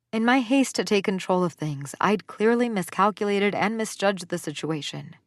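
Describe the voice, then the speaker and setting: In a voice on the low side, a woman reads a first-person audiobook with expressive delivery. The recording is dry and close, with no room sound around it.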